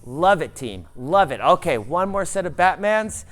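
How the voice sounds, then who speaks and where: A man's voice: on the high side, sing-song, a little slow, a bit bright. A young man coaching a workout class, cueing form and counting down holds in an upbeat, motivational way. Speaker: fitness instructor.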